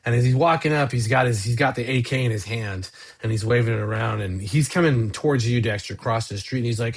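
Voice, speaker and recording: A man's voice: medium pitch, fast, slightly rough. A man narrating as game master of a tabletop game, laying out scenes in a loose, rambling flow.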